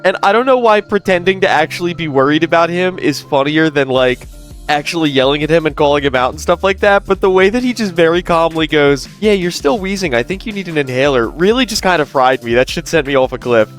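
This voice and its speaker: A streamer reacting to a call recording with animated, amused commentary, close to the mic. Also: male voice, fairly high pitch, a little fast, faint music behind.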